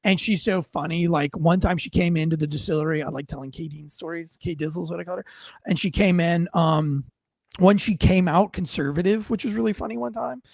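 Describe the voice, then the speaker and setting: High-voiced man telling rambling stories. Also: a little fast, creaky, no echo, clean studio sound. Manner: rambling storyteller, swears freely, acts out quotes. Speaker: host, former police officer. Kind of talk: casual livestream chat.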